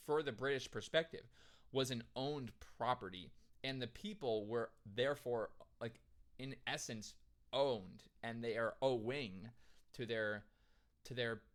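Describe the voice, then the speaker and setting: A man's voice: mid-range voice, fairly bright tone. An amused man from the United States giving casual reaction commentary, laughing often and chatting loosely with plenty of fillers. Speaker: reaction video host.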